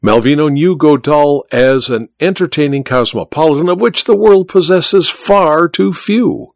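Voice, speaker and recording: Male narrator, expressive storybook reading, animated pitch, dry close mic. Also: a little slow, gravelly, few pauses, no room sound. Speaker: audiobook narrator. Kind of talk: scripted narration.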